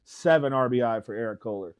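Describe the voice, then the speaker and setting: Fast and clean-toned at mid-range pitch, a sports show co-host and broadcaster keeps things laid-back and friendly on local radio. His casual sports talk includes reading player stats aloud.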